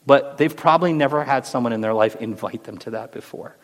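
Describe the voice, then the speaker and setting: A man's voice: medium pitch, fairly quick, slight background noise. A man hosting a Christian talk show, speaking earnestly and encouragingly in a preacherly way. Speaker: host. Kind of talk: faith discussion on a Christian podcast. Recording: roomy with long reverb.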